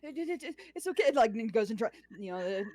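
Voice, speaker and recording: A woman's voice: on the high side, big pitch swings, fast, darkish tone. A woman playing a tabletop role-playing game, telling her character's actions in a flustered, giggly way. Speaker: player. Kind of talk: tabletop role-play over voice chat.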